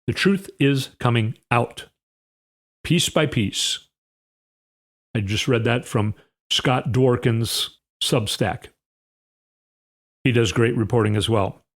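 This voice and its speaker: A man's voice: medium pitch, takes it slowly. Man chatting about political news. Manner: reads news excerpts aloud, conversational asides. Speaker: political commentary host. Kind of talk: casual political commentary.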